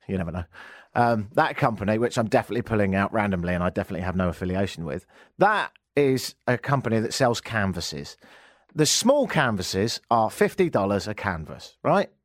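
A man's voice: fairly low pitch, no echo, studio quality. A man with an English accent hosting a radio talk show, ranting with sarcastic, joking asides.

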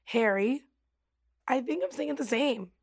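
A woman with a Canadian accent co-hosting a radio show, good-natured and quick to laugh. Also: fairly high pitch, lively intonation, vocal fry, dry recording, studio quality. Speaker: radio co-host. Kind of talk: casual radio banter. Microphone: studio microphone.

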